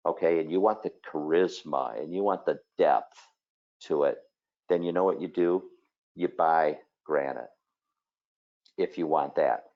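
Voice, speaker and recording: A man with a very low voice talks through a design webinar in a loose, conversational way, full of asides and stories. The audio sounds a little dull and lo-fi. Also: a little mellow. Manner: conversational, storytelling with fillers. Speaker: kitchen designer. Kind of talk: webinar presentation.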